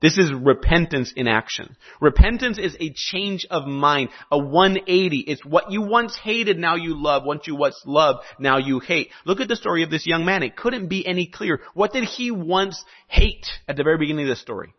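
A man preaching a sermon in an animated, conversational way with joking asides. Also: fairly high pitch, moderate pace, hardly any pauses. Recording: dull lo-fi recording.

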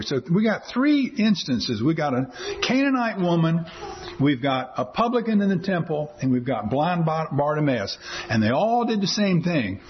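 A man preaching with earnest conviction, his voice rising and falling a lot. He repeats words as he goes and slows down to quote scripture. The recording is slightly dull, with faint background ambience. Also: a little high, a little hiss or hum. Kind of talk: sermon.

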